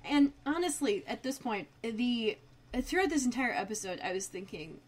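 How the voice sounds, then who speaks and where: A woman's voice: a little high, lively intonation, normal speed. Young woman adding dry comments. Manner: conversational, adds dry comments. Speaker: podcast co-host. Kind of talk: casual recap chat.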